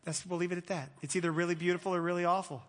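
High-voiced pastor preaching in a reverberant hall. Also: male voice, level tone, rapid-fire, fairly bright tone. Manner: conversational, self-deprecating humor with frequent restarts. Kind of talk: sermon. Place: large church hall.

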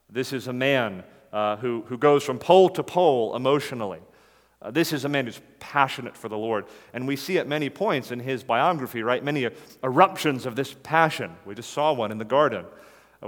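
A man preaching a sermon in an earnest, emphatic way, repeating his key phrases. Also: mid-range voice. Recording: long hall reverb.

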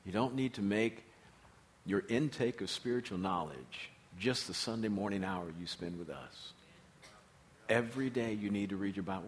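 A man's voice: lowish voice, moderate pace, slight background noise. A man preaching a sermon as pastor, emphatic and repeating his key phrases.

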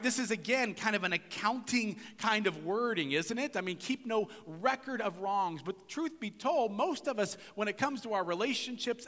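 Lively, bright-voiced man preaching in a hall. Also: high-pitched. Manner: conversational preaching with frequent rhetorical "right?". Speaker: pastor. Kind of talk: sermon.

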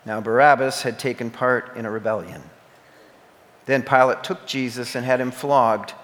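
A man reading scripture aloud at a church service, measured and expressive, in a church sanctuary. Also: mid-range voice. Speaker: scripture reader. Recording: reverberant church hall.

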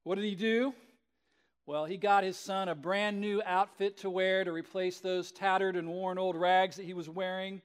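A male pastor telling a story in a sermon, conversational and animated, often checking in with the listeners. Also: high-pitched, moderate pace, clear, resonant tone.

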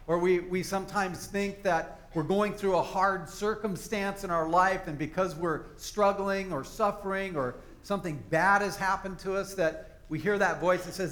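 A man's voice: sits high, steady tone, normal speed, hardly any pauses, a bit bright. A man preaching a sermon to his congregation in a conversational, folksy storytelling manner. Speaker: pastor. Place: church service.

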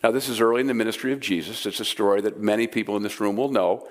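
Animated conversational male preacher. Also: on the low side, rapid-fire. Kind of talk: sermon teaching. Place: room with a live audience.

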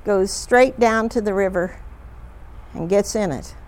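A woman leading a group discussion, retelling stories in a chatty, halting way with frequent fillers. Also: medium pitch, darkish tone, a little hiss or hum. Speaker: discussion leader.

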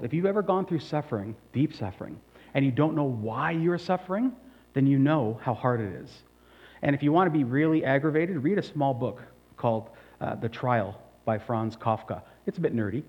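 A man's voice: mid-range voice, darkish tone. A man preaching a sermon, animatedly voicing scripture quotes with dramatic shifts. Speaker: pastor. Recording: dull lo-fi recording.

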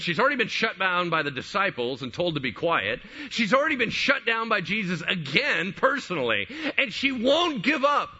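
Animated preaching man, bright husky voice. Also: sits high, muffled recording. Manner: animated, acts out Bible scenes with shouted exclamations. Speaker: pastor. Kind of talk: sermon.

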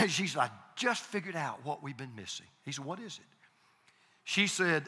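Bright-voiced pastor preaching in a hall. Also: male voice, fairly high pitch, expressive, husky. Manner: storytelling with repeated starts and emphatic pauses. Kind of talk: sermon storytelling.

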